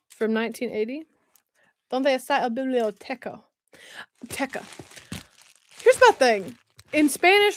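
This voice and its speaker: A woman's voice: sits high, fairly bright tone, a little hiss or hum. A woman, chatting casually on a livestream and reacting to viewer comments while unboxing. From West Tennessee, US. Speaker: livestream host. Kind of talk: casual live-stream chat.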